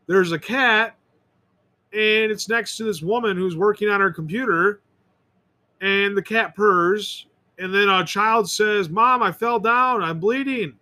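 A man's voice: sits high, slow pace, long pauses, pushed and bright. A man rambling through an opinionated solo monologue as host of his own show, often restarting and repeating words. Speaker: podcast host.

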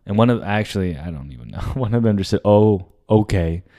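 Animated young man telling a story. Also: lowish voice, fast. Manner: animated, swears often, acts out his own and others' lines. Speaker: podcast host. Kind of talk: candid storytelling.

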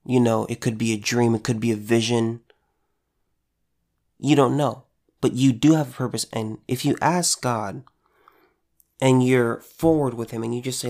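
A preacher gives an informal devotional talk in a medium-pitched, darkish male voice, holding a steady tone at a moderate pace. He pauses often and speaks earnestly and conversationally, repeating phrases for emphasis and restarting his sentences.

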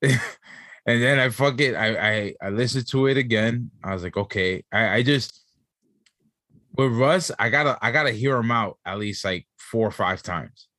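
A man's voice: medium pitch, normal speed, pushed and bright, dry recording, clean studio sound. A man co-hosting a wrestling podcast, talking in a loose, slangy way with lots of fillers. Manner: laid-back, slangy, filler-heavy. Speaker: podcast co-host. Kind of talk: casual chat.

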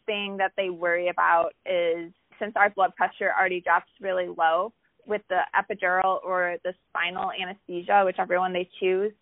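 A woman's voice: on the low side, normal speed, no room sound. Woman telling a story over a tinny line. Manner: animated, acts out quoted voices, many "like" fillers. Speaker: podcast guest. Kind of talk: casual storytelling chat. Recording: tinny phone-like line, dry.

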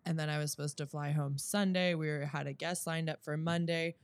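A woman's voice: deep voice, fairly even intonation, brisk, no room sound. Breezy young woman, dry close sound. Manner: breezy, joking, chatty. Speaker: podcast co-host. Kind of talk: casual chat.

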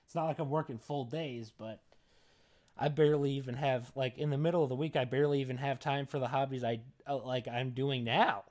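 A man's voice: mid-range voice, steady tone, a little fast, a little mellow. A young man co-hosting a casual podcast chat, rambling with lots of fillers and tangents, sounding tired. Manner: rambling, filler-heavy, self-deprecating. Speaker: podcast co-host.

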